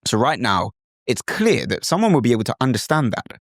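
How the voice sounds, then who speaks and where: Brief: British podcast host, earnest coach, middle pitch, dry close recording. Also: male voice, very animated, fairly quick, no room sound. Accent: British English. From England. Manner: earnest, demonstrates voices. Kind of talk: accent coaching talk.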